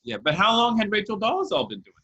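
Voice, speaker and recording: A man, a comedian guest on a video call, chatting casually, animated and incredulous. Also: fast talker, vocal fry, muffled recording. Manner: animated, incredulous, pitch leaping up.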